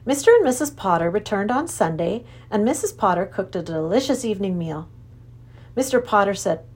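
Lively woman reading a storybook. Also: mid-range voice, fairly quick, slightly rough. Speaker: narrator.

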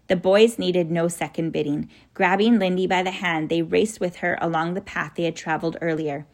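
A woman's voice: on the low side, steady tone, moderate pace, hardly any pauses. Woman reading a storybook aloud.

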